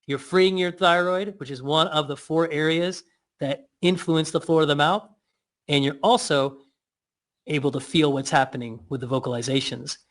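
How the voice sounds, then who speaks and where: A man leading a guided breathing and mouth exercise, giving slow cues with playful asides. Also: a little high, steady tone, a bit bright.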